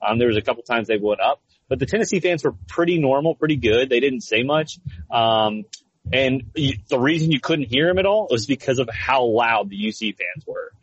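A man co-hosts a casual sports talk show and spins long, animated stories full of fillers and restarts. His voice is slightly husky and breathy. The recording sounds a bit dull, as if the top end were rolled off. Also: mid-range voice, fairly quick, no room sound. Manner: rambling, animated storytelling with frequent fillers. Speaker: podcast co-host.

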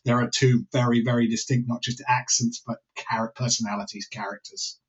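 A man directing a film tells lively behind-the-scenes stories in an interview, often restarting his sentences. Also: mid-range voice, fairly quick, highs cut off. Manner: enthusiastic storyteller, many restarts. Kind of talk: podcast interview anecdote.

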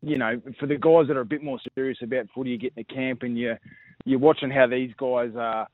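A man's voice: medium pitch, steady tone, quick pace. A man with an Australian accent telling footy stories in a blokey, laughing way, calling everyone mate. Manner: blokey, laughing storyteller, says mate a lot. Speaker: former player guest. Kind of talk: casual radio chat. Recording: tinny phone line.

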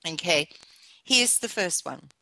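A woman hosting a motivational talk show, speaking with conversational asides and gentle encouragement. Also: on the low side, animated, takes it slowly, vocal fry, dry recording. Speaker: show host.

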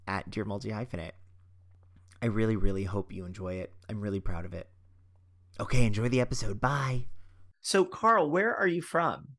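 A man's voice: lowish voice, creaky. A male podcast host and photographer talking casually, chatty and rambling, with frequent restarts.

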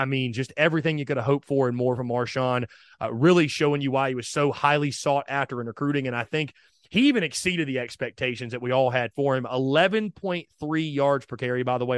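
A man's voice: on the high side, clear, resonant tone, no room sound. Fired-up sports podcast host, a man. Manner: energetic, opinionated, addresses listeners as guys.

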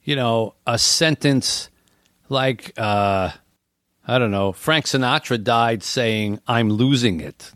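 Earnest man, reflective talk, repeats phrases, average pitch, dry recording. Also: takes it slowly, fairly bright tone, clean tone, no room sound. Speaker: guest. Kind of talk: reflective conversation.

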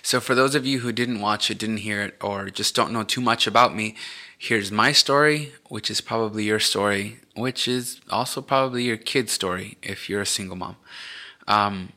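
A man co-hosting a podcast, telling his own life story in a halting, reflective way with many fillers. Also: fairly low pitch, sharp tone. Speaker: podcast co-host. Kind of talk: candid personal storytelling.

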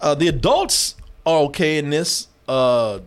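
High, lively man laughing through a movie chat. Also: unhurried, clean tone. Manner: laughs often, swears, talks loosely. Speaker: podcast co-host. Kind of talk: casual movie review chat.

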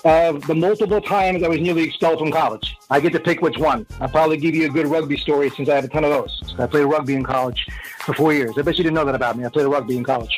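A man's voice: a little high, fairly even intonation, fast talker, faint music behind, poor audio. A middle-aged man from New Jersey, a guest ranting with sarcastic, brash banter on a radio-style show. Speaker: fantasy baseball guest.

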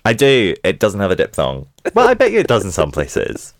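Lively low-voiced Scottish man. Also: a little fast, creaky, no room sound, studio quality. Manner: playful, jokey, laughs often. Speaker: podcast co-host. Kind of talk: casual chat.

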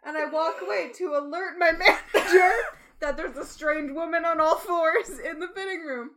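A young woman co-hosting a podcast, telling a story in an animated way and laughing often in casual chat. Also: very high-pitched, moderate pace. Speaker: podcast co-host.

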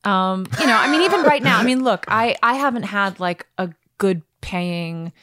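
A woman's voice: medium pitch, expressive, normal speed, a bit bright, no room sound, clean studio sound. A woman in her thirties, a guest actor in a casual interview, talking reflectively with easy laughs and frequent restarts.

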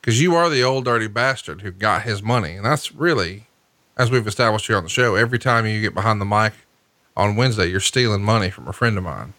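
Bright-voiced man needling his co-host. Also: lowish voice, fast, no room sound. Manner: teasing, needling, deadpan ribbing of his co-host. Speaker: podcast host. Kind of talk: casual podcast banter.

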